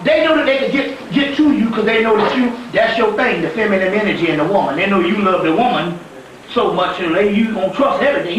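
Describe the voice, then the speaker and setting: High, bright-voiced man lecturing profanely. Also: a little hiss or hum. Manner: profane, laughing, animated. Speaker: spiritual lecturer. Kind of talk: rambling storytelling lecture. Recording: echoey room from a distant mic.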